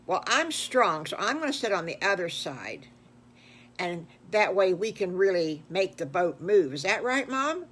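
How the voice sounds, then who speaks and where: A woman's voice: on the low side, big pitch swings, measured pace, a bit bright, slightly rough, heavily acted. An older woman voicing an eager little boy piglet who is proud of his strength, in a storybook.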